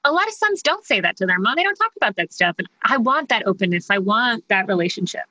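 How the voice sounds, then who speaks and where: A woman hosting an interview, enthusiastic and quick to laugh. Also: mid-range voice, big pitch swings, pushed and bright, no room sound, highs cut off. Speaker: podcast host. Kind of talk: casual interview chat.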